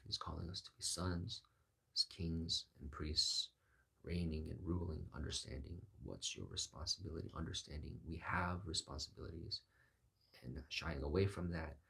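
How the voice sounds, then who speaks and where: A low-voiced man preaches a sermon with a gravelly, husky tone. He slips into lively voices to act out the Bible figures he talks about.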